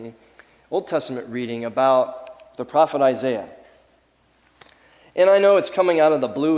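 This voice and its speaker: A man preaching a sermon as the pastor, lively and animated, sometimes acting out the voices of people in his story. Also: mid-range voice, long reverb tail. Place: church sanctuary.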